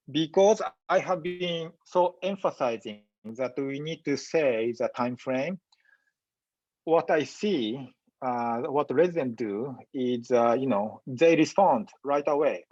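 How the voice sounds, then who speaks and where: A man giving a medical lecture in a webinar, speaking in a halting, measured way with frequent pauses and fillers. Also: medium pitch, darkish tone, no echo, highs cut off. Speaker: physician lecturer.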